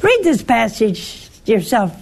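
Slow, mellow-voiced nun answering callers. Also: female voice, a little high, wildly swooping pitch, vocal fry, slight background noise. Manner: gentle, pastoral, earnest. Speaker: nun hosting a call-in show. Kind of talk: religious call-in teaching.

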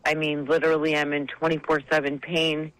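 A woman's voice: deep voice, little pitch movement, a little fast, fairly bright tone, dry recording. Woman calling into the radio, teary and heartfelt, kinda rambly, dry close phone line. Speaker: caller. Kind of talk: emotional call-in testimony.

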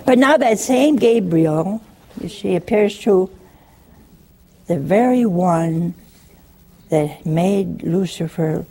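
A woman's voice: lowish voice, lively intonation, slow, long pauses, warm tone. A woman preaching on scripture in a chatty, teasing way, acting out quotes and chuckling often. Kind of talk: humorous scripture teaching.

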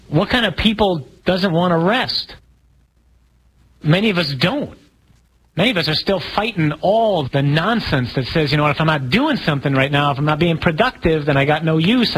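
A man, a priest, teaching a live audience in a relaxed, humorous way, asking questions and telling stories. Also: on the high side, slightly rough, low-quality recording. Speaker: Catholic priest.

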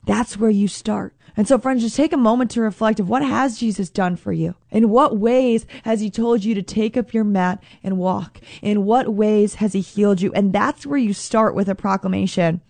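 Earnest woman giving a slow devotional talk. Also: mid-range voice, gravelly, a little mellow, dry recording. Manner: earnest, slow and emphatic, repeats phrases. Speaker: Catholic devotional speaker.

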